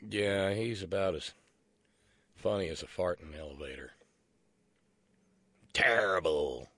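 A man's voice: deep voice, measured pace, fairly bright tone, no echo. A man hosting a political talk radio show, sarcastic and profane, who stumbles into restarts.

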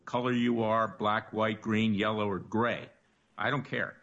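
A man's voice: fairly low pitch, fairly even intonation, unhurried, fairly bright tone, dull audio. A man in a played clip giving an indignant political monologue, denouncing opponents.

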